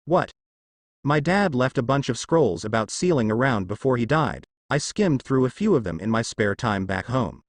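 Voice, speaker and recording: A man's voice: medium pitch, animated, moderate pace, no room sound, studio quality, natural voice. A man doing a brash young ninja hero. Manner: blunt, tough-talking. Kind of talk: fan story read aloud.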